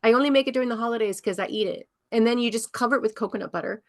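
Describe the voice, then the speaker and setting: A woman's voice: on the high side, very fast, no room sound, clean studio sound. A woman over fifty, a health coach giving a casual workshop talk, chatty and rambling with many ums and restarts.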